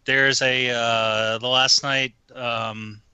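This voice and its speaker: A man co-hosting a casual podcast chat, joking and pausing with fillers. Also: medium pitch, flat delivery, pushed and bright, smooth, no echo, highs cut off. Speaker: podcast co-host.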